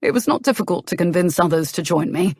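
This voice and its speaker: Woman reading as rueful charming nobleman, calm earnest delivery, lowish voice, dry close sound. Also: fast talker, breathy edge, dry recording.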